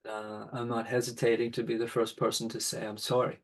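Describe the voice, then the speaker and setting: A man talking as a podcast guest and father, in a gentle, thoughtful, unhurried conversation. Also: mid-range voice, completely flat delivery, poor audio. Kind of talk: reflective conversation.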